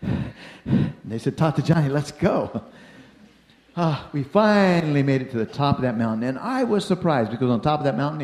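An older man telling a personal story in an animated way, acting out the voices and shouts of the people in it. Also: mid-range voice. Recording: roomy echo.

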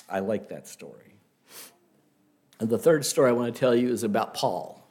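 A man preaching a sermon, telling stories in an unhurried way and asking the listeners rhetorical questions. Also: medium pitch, a little mellow.

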